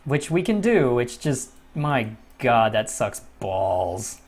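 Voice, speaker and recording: This gaming channel host narrates his let's-play in a slow, sing-song way. His casual commentary is full of swearing and swings between low muttering and exasperated outbursts.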